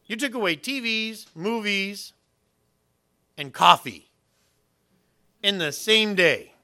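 A man preaching a sermon in a bright, forceful voice that sits a little high. He teaches from scripture with everyday examples and jumps into quick acted-out voices. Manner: animated preaching with everyday illustrations and acted-out quotes. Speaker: pastor.

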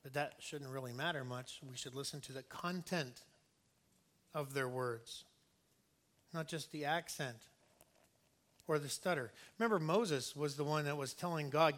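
A man preaches in an earnest, conversational way, stressing his points and often restarting his sentences. His voice sits a little high and sounds bright and forceful. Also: measured pace, long pauses. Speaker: pastor. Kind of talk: sermon.

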